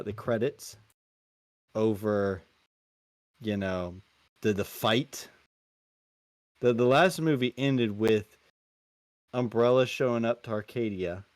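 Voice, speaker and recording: A man's voice: lowish voice, no echo. A man co-hosting a casual podcast chat, with a dry, joking manner. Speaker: podcast co-host.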